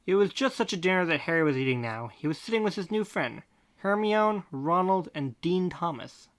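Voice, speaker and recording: A podcast host reading fan fiction aloud in a deadpan tone, breaking off for snarky comments. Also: mid-range voice, brisk. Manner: deadpan reading broken by snarky asides and laughter. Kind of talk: comic fanfic reading with asides.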